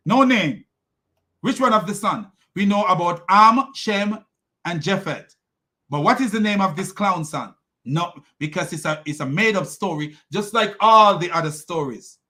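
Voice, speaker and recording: A man with a high voice hosts a commentary and mocks as he goes. His tone is bright and pointed. He laughs often and trips over restarts. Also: expressive, unhurried. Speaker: host. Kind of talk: critical commentary.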